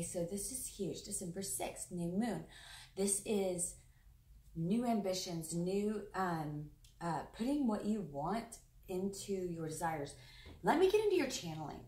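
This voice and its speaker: A tarot reader with a mid-range, darkish voice chats effusively to camera, rambling casually with lots of fillers and an occasional swear word. The recording is roomy, a bit distant from the mic, with slight background noise.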